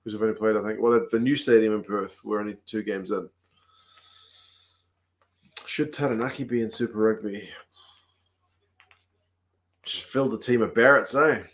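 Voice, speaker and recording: Man, New Zealand accent, livestream host, casual chat, relaxed, middle-aged. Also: lowish voice, moderate pace, long pauses. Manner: relaxed, chatty, answers viewer questions aloud. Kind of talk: casual chat reading comments.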